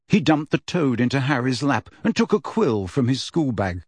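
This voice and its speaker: A man narrating an audiobook in a measured, steady storytelling voice. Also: mid-range voice, husky, no room sound.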